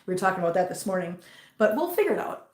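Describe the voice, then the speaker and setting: A woman hosting a casual livestream from home, chatting with viewers and cooing at her cats in a high sing-song voice. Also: big pitch swings, very fast, a little mellow, reverberant. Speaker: host. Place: home room full of cats. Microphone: laptop mic.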